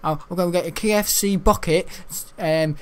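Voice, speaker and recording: Man doing a halting London-accented guy, lots of ums, hesitant. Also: high-pitched, clean tone, natural voice. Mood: mocking. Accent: put-on London. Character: hesitant adult man ordering food.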